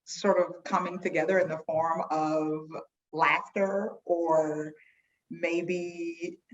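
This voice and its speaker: A class participant talking slowly and thoughtfully about a poem over a video call. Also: mid-range voice, level tone. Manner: slow, thoughtful, laughing. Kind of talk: casual class discussion. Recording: dull lo-fi video call audio.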